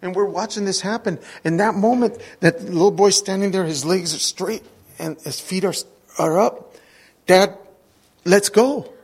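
Animated husky-voiced preacher man. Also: high-pitched. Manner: animated, acts out scenes with sudden shouts. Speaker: pastor. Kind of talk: sermon storytelling.

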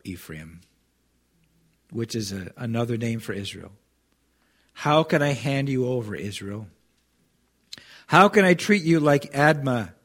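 A man preaching a sermon, reading scripture with rising force and speaking earnestly with many restarts. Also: medium pitch. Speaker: pastor.

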